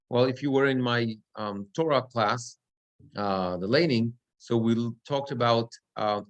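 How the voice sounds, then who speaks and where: A cantor and rabbi teaching a class on prayer chanting. He explains step by step and often asks "right?" to check that his students follow. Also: mid-range voice.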